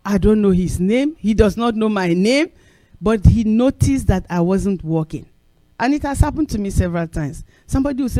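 A man's voice: sits high, normal speed, dry recording. A man preaching a sermon, telling stories and repeating phrases for emphasis. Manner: animated storytelling with acted quotes.

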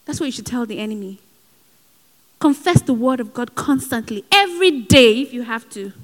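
A woman preaches with earnest urgency, mixing exhortation with personal asides. Her voice sits high, and each phrase rings on in a large hall with long reverb. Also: animated, moderate pace. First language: not given. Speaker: speaker at a Christian gathering. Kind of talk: sermon.

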